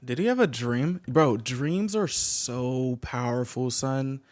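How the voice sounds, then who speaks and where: A man's voice: mid-range voice, animated, takes it slowly. Slangy man rambling at his viewers. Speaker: reaction streamer. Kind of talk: casual reaction commentary.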